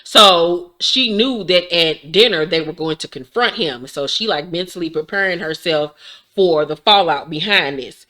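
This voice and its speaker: A woman in her forties, tired and yawning, recapping a reality show in casual, animated talk full of swearing and laughter. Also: lowish voice, measured pace. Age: 40s.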